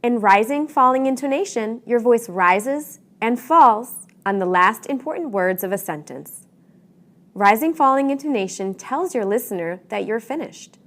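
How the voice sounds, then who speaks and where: A fairly high-voiced woman narrates an English pronunciation lesson. Her pitch swings widely as she stresses key words clearly and deliberately, in a scripted teaching tone. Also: expressive, a bit bright.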